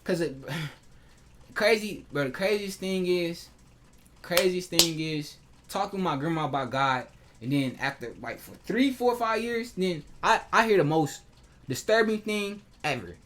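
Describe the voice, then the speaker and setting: A man's voice: sits high, animated, measured pace, background noise. A man venting in a personal vlog, heated and hurt, swearing freely and restarting his sentences often. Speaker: vlogger. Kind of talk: emotional personal vlog rant.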